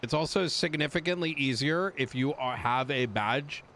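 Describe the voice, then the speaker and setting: A man's voice: mid-range voice, moderate pace, fairly bright tone, a little hiss or hum. A man streaming, casually explaining things to his chat with many fillers.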